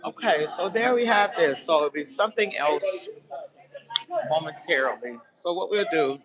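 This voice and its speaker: A man's voice: a little high, lively intonation, normal speed. A man chatting casually to viewers on a live stream at a graduation event, upbeat and talkative. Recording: noisy crowd around the phone.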